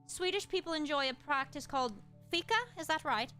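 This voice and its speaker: A woman streamer in casual chat, reading aloud and musing with quick asides to her chat. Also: high voice, bright, forceful tone, soft background music. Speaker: streamer host.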